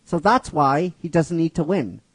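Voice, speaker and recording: A man's voice: a little high, expressive, moderate pace, no echo. A man casually retelling his own fan script, rambling and repeating himself, and often asking "right?" as he goes. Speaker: fan script writer and narrator.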